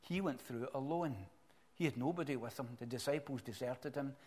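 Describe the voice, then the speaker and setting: A middle-aged man preaching a sermon in an earnest, reflective way, often pausing and restarting his sentences. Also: medium pitch, a little mellow.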